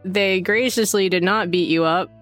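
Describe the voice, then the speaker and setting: A woman narrating as game master of a tabletop role-playing game, wry and quick to laugh. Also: mid-range voice, fairly even intonation, fairly bright tone, soft background music.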